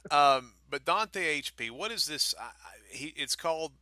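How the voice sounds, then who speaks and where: A man from Baltimore co-hosting a wrestling podcast, joking and teasing in animated casual banter. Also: fairly high pitch, unhurried, dry recording.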